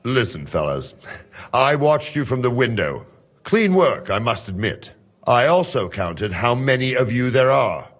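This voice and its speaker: An actor playing a cautious male guard from Hungary in a game cutscene, measured and calculating. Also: medium pitch, big pitch swings.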